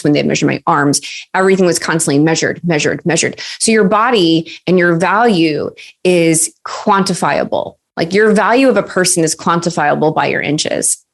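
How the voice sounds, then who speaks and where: A woman in her thirties, a guest on an interview show, telling personal stories in a lively way. She uses many fillers and acts out quoted voices. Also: deep voice, brisk, vocal fry. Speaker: podcast guest, success coach. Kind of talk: casual interview storytelling.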